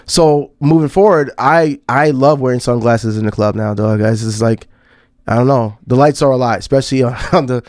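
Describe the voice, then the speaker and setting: A man co-hosts a podcast, chatting loosely and laughing often. His voice is mid-range with a darkish tone and normal speed, captured in clean studio sound with no room echo.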